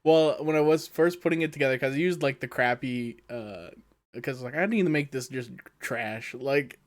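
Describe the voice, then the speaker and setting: A young man co-hosting a podcast, chatting in a relaxed way with frequent chuckles and filler words. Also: medium pitch, moderate pace. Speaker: podcast co-host. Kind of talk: casual chat.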